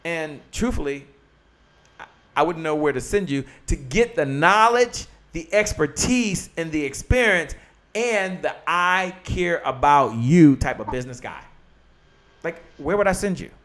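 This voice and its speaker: A man hosting a live-streamed talk show, excitable and animated, talking straight to his viewers and his guest. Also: fairly high pitch, measured pace. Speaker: show host.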